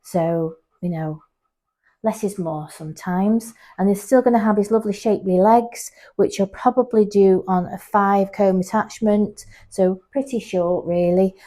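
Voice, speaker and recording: A woman's voice: steady tone, unhurried, mellow. Chatty woman grooming a dog. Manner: chatty, explanatory, talks to the dog in a high coaxing voice. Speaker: pet groomer. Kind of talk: casual vlog narration while grooming. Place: grooming salon, indoors.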